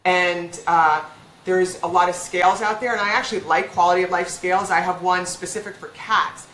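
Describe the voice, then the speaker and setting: A woman veterinarian speaking frankly and casually as a podcast guest, talking in quick bursts with restarts. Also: fairly low pitch, steady tone, a bit bright. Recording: echoey room with faint background hum.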